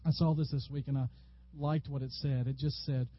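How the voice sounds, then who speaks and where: A man from Tennessee, preaching a sermon in an animated storytelling way. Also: mid-range voice, normal speed, muffled recording. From Tennessee, USA. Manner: animated, storytelling preacher who acts out quotes loudly. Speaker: pastor.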